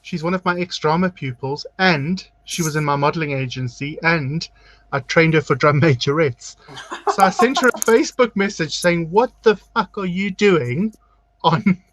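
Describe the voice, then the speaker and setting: On a low-quality recording with no echo, a man with a slightly high, somewhat bright voice speaks expressively at a moderate pace. He's a drag queen hosting a casual chat show over video call, putting on makeup as he spins lengthy stories and acts out people's quotes.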